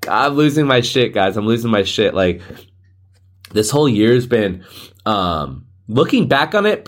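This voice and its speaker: A man's voice: on the low side, sing-song, a little slow. A man hosting a casual solo podcast, rambling and joking, often laughing at himself. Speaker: podcast host.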